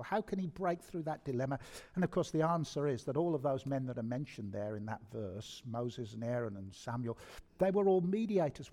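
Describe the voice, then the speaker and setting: A man's voice: on the high side, darkish tone. A middle-aged man preaching a sermon in an earnest, conversational way, repeating words and asking rhetorical questions. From England. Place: church hall. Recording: long reverb of a church hall.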